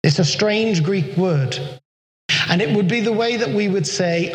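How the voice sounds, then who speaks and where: A man preaching a sermon in an earnest way, slowing down to stress his points. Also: sits high. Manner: earnest, slows down for emphasis. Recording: echoey hall with long reverb.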